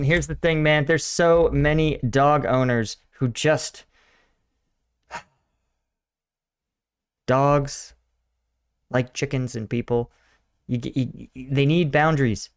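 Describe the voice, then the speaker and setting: A man's voice: medium pitch, steady tone, takes it slowly, long pauses, clear, resonant tone. An American man hosting a reaction video, talking casually with lots of fillers and laughing along. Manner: chatty, laughs often, talks with many fillers.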